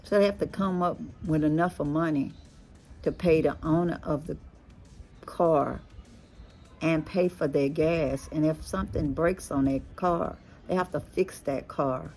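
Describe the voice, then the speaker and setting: A middle-aged woman from Texas with a Creole accent that blends Louisiana and Galveston, chatting casually to her viewers in an unhurried, drawn-out way and calling them "y'all". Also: low-pitched, darkish tone, soft background music. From Texas, USA. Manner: slow, drawn-out talk, often saying "y'all". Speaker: vlogger. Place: rooftop outdoors.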